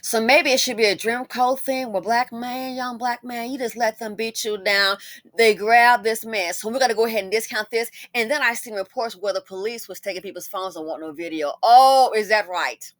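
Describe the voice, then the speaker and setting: A woman's voice: a little high, normal speed, dry recording, studio quality. A woman giving heated commentary on a news clip, blunt and indignant, swearing and talking back at the people in it.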